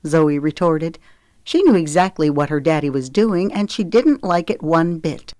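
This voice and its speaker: A woman narrating an audiobook in a steady, even storytelling voice. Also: low-pitched, moderate pace, no echo, studio quality.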